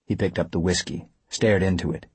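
A man narrating a novel in a low, quiet, even voice. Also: a little fast, slightly rough, no echo. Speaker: audiobook narrator. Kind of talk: scripted narration.

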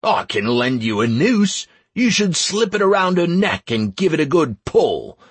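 A man's voice: fairly high pitch, very animated, measured pace, breathy edge, dry recording, voice pushed up, exaggerated voice. A man voicing a cheeky, sarcastic male rogue in an audiobook. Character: cocky mocking male rogue.

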